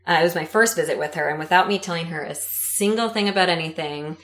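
A woman's voice: lowish voice, fast, roomy sound. A woman in her thirties, chatting as an interview guest and telling stories with acted-out voices. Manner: animated storyteller, acts out quoted voices. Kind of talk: casual interview chat.

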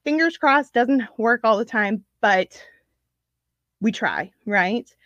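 A chatty woman with a fairly high voice, encouraging her viewers in a loose live-stream talk. The sound is dry and a little dull, like a phone or webcam recording. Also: expressive, slow pace, a bit bright, no echo. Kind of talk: casual Facebook live talk.

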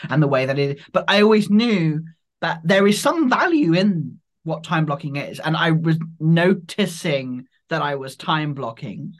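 A man's voice: on the high side, animated, a little slow. Reflective man thinking aloud. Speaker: podcast co-host. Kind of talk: casual conversation.

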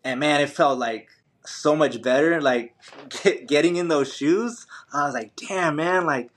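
Animated man telling a race story. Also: a little high, measured pace. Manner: animated, slangy, many fillers and restarts. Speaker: podcast guest, ultramarathon runner. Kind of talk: casual storytelling.

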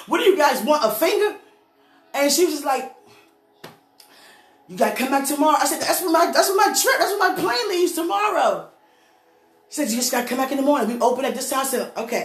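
A woman preacher giving a lively, storytelling testimony, laughing often as she speaks. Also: a little high. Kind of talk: church testimony sermon. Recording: echoey room with faint music.

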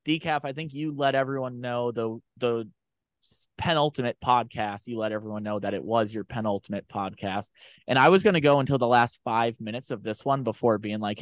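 A man's voice: medium pitch, brisk, no room sound. Man co-hosting a podcast, dry studio sound. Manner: self-deprecating storytelling. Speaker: podcast co-host. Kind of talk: casual chat.

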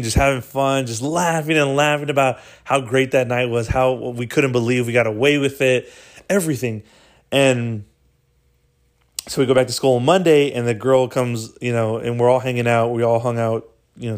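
A young man hosting a podcast, casually telling a story with lots of swearing and laughter. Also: mid-range voice. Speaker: podcast host.

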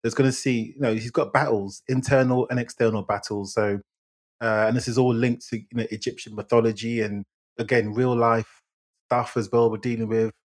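A man co-hosting a film podcast, giving measured, agreeable opinions and short murmured replies. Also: mid-range voice, steady tone. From England. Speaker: podcast co-host. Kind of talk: casual film review chat.

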